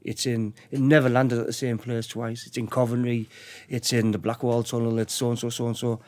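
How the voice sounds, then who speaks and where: A man's voice: medium pitch, flat delivery, normal speed, darkish tone. A middle-aged man, a podcast guest telling crime stories in a casual, rambling way, repeating his words. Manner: rambling, repeats words, acts out quoted dialogue. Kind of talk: casual true-crime storytelling.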